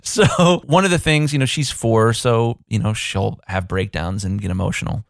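A man in his thirties with a lowish voice talks through a casual podcast episode as a business coach. He is chatty and self-deprecating, and he tosses in quick asides. The recording is dry and close, with no room sound. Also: vocal fry, dry recording.

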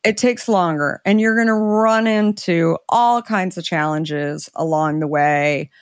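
A middle-aged woman, an interview guest, telling a story in a conversational way, animated and acting out the dialogue she quotes. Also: fairly low pitch, unhurried, dry recording, studio quality.

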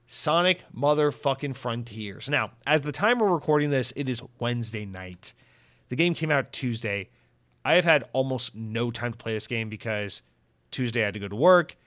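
A man chatting casually on his own podcast, rambling and swearing freely, jumping between highs and lows as he goes. His voice sits in an ordinary middle range. The sound is dry and close, with no room around it. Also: no room sound. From Central Florida. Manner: profane, rambling and animated. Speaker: podcast host. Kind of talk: casual chat.

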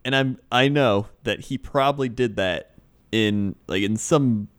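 A man co-hosting a casual podcast, easygoing and quick to laugh as he tells stories. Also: mid-range voice, clean tone, no echo. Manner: laid-back storyteller, laughs easily. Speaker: podcast co-host. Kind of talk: casual chat.

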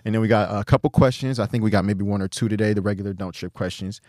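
Fast-talking American podcast host. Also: male voice, lowish voice, no room sound, clean studio sound. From United States. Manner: energetic, hyped, slangy, repeats words. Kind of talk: casual podcast chat.

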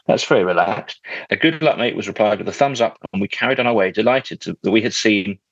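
A man's voice: fairly low pitch, fast, vocal fry, fairly bright tone, breathy edge, no room sound, dull audio. A man hosting a casual podcast, reading out listener letters with a jokey, teasing manner. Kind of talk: casual chat.

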